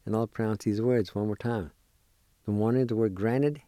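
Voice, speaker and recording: A man teaching a vocabulary lesson, patiently spelling out each word letter by letter and pronouncing it slowly. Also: medium pitch, steady tone, dark tone, no room sound. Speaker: language teacher. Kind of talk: slow spelling and pronunciation lesson.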